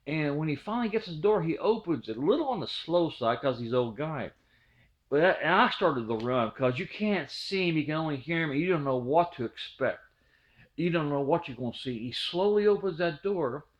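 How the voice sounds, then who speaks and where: A man's voice: fairly high pitch, lively intonation, fairly quick. A man in his fifties from Ohio telling a childhood story in a rambling, folksy way, with many restarts. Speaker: storyteller, channel host. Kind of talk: casual spoken storytelling. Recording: dull lo-fi recording.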